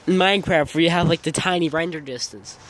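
A man's voice: on the high side, fairly quick, a bit bright, a little hiss or hum. A young man vlogging outdoors in fog on his own phone camera, grumbling and swearing constantly in a casual rant. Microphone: phone camera held by the speaker.

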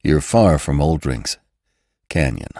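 Man reading a worn-out frontier rider in a storybook, very deep and panting, terse. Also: very animated, slow pace, darkish tone, dry recording, studio quality, full character voice. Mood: spent. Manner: panting, clipped replies.

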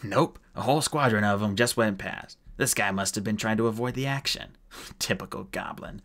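A man voicing a gruff, crude male dwarf in an audiobook, talking bluntly. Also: fairly low pitch, normal speed, fairly bright tone.

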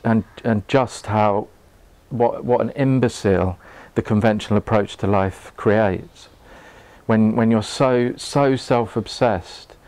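A man, giving a live talk to a group in a room, earnest and halting, often restarting his words and laughing. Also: lowish voice, a little mellow, smooth, dry recording. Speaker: meditation teacher. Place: room with an audience.

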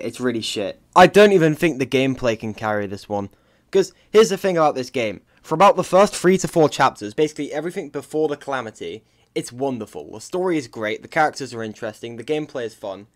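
A man's voice: mid-range voice, lively intonation, brisk. Sarcastic young man ranting. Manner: sarcastic, swears freely. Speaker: video game reviewer. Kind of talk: casual ranting commentary.

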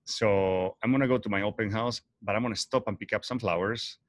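A man's voice: on the low side, fairly even intonation, brisk, no room sound. A man hosting a casual livestream talk, earnest and rambling, often correcting himself mid-sentence. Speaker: host.

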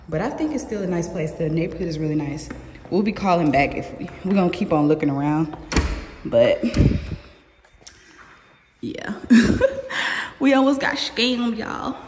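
Chatty young mom vlogging at home. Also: female voice, medium pitch, darkish tone, slight background noise. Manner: chatty, laughing, mixes in baby talk. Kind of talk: casual vlog chat to camera.

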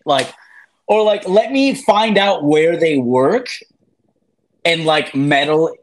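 A man's voice: on the high side, very animated, unhurried, slight background noise. A man in his thirties, an interview guest, talking in a rambling, profane way, full of fillers and acted-out quotes. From raised by immigrant parents. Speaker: interview guest, former reality show contestant. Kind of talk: casual interview chat.

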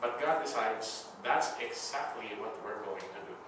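The lecturer's voice is on the low side, with a moderate pace. In an echoey church classroom recorded from a far mic with background noise, he gives a casual Bible school talk, acting out situations and frequently asking the class "right?"

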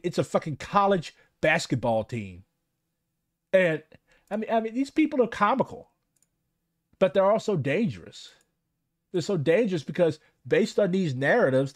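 A man's voice: on the high side, no room sound, studio quality. Profane young man ranting on stream. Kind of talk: casual livestream commentary.

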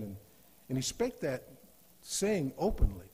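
A man preaching a sermon in a church, rising to loud emphatic scripture reading and dropping to softer asides. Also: mid-range voice, very animated, measured pace, pauses often, breathy edge. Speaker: guest preacher. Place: church sanctuary.

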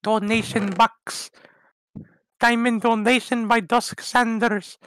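A man's voice: very high-pitched, little pitch movement, slow pace, fairly bright tone, clear, resonant tone, no echo, heavily acted, poor audio. A man voicing a naive, rambling young boy who narrates his gameplay in broken, childlike grammar with silly, random tangents. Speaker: game commentator. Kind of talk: comedic gameplay commentary.

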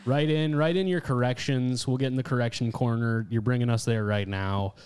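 A man's voice: mid-range voice, fairly even intonation, a little mellow, a little hiss or hum. A man co-hosting a podcast in casual chat, swearing freely and often restarting sentences. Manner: chatty, profane, halting restarts. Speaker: podcast co-host.

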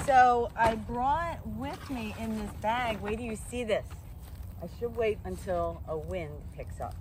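A woman vlogger, a self-described spiritual practitioner, chats earnestly while walking in the woods, out of breath, for a casual walking vlog. Her voice is fairly high and unhurried. It's an outdoor field recording with noise.

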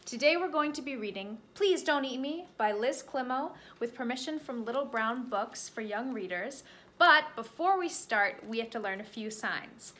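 A woman librarian leading a children's storytime, teaching signs and praising along the way with gentle encouragement. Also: on the high side, lively intonation, normal speed. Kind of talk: children's storytime with sign language.

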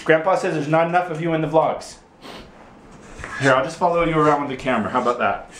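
A man's voice: a little high, fast talker, a bit bright, slight background noise, low-quality recording. A young man filming a casual family vlog at home on a handheld camera, joking around and cooing at his little sons. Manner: playful, silly voices, baby talk to his sons. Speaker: vlogger dad.

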